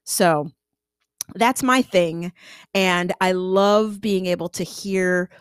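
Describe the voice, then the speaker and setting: A woman's voice: lowish voice, slow, clear, resonant tone, no echo, clean studio sound. A woman from the United States hosting a casual solo podcast, chatty and playful, who slips into accent impressions as she talks.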